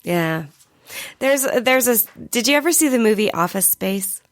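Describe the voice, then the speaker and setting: A woman co-hosting a casual podcast chat, sick and a bit hoarse, blunt and joking. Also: on the high side, animated, moderate pace, no room sound. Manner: blunt, joking, laughs often. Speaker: podcast co-host. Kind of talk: casual chat over wine.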